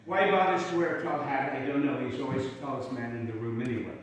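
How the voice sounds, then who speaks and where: A man's voice: mid-range voice, steady tone, fast. A man with an Irish accent performing in character as an Irish Union soldier, telling stories and singing with folksy, rambling asides to the audience. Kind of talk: storytelling in character, with sung songs. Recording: echoey hall, mic far off.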